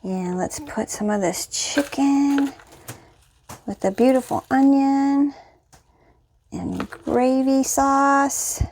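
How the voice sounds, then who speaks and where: A woman's voice: high-pitched, fairly even intonation, takes it slowly, long pauses, darkish tone, a little hiss or hum. A woman hosting a casual home cooking video, chatting through the steps and tasting the dish on camera. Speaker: cooking channel host.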